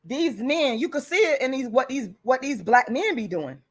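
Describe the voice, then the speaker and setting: A woman's voice: high voice, lively intonation, normal speed, husky. A woman hosting her own channel, delivering a heated, profane rant straight to her viewers. She speaks bluntly and defiantly, with angry emphasis and repeated insults. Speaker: channel host.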